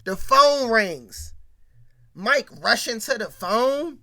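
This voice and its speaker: A casual show-recap commentator with a bright, forward tone. The delivery is slangy and digressive, addressed straight to the audience. It turns louder and more animated when walking through scenes. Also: mid-range voice, slow.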